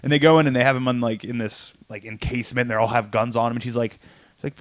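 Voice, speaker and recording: A man with a mid-range, steady voice talks fast in a dry, echo-free recording. He's co-hosting a laid-back comics podcast, retelling a story in a loose, wandering way and performing the lines himself.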